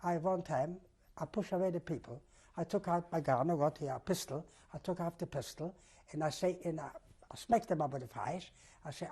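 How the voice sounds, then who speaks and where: An older man giving an oral history testimony in halting, non-native English, often repeating himself as he retells events vividly. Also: a little high, dark tone, breathy edge. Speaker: testimony giver.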